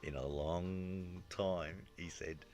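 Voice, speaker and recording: This is a man with a strikingly deep, low voice, telling a rambling story in relaxed conversation. He acts out the lines of the people in it and keeps saying "you know". A faint bed of music plays behind him. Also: slow. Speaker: guest storyteller. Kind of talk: casual storytelling chat.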